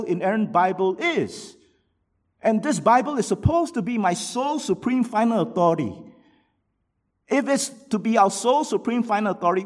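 A man preaching a sermon, swinging between loud rhetorical questions and low asides, and reading quotations aloud from books.

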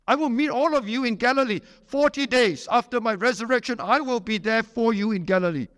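A man preaching a sermon at a church camp, emphatic, swinging between loud urging and low, quiet pleading. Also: fairly quick, studio quality. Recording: long hall reverb.

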